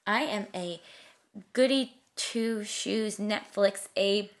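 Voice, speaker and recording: A woman's voice: medium pitch, takes it slowly. A young woman in her twenties chatting casually as a co-host, gushing about things she loves in long rambling runs. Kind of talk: casual chat.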